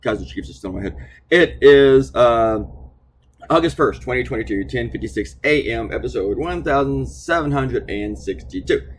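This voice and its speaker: A male cartoonist talking through his day in a loose, chatty video diary. His pitch jumps around a lot as he tells stories, and his delivery rambles with fillers and the occasional curse. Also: moderate pace, slight background noise. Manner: rambling, animated storytelling with frequent fillers and swearing.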